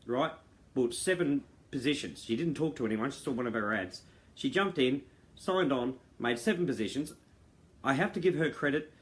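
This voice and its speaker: Rambling earnest man. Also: mid-range voice. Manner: rambling, earnest, many fillers and restarts. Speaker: founder addressing members. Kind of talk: casual monologue to viewers. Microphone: video call mic.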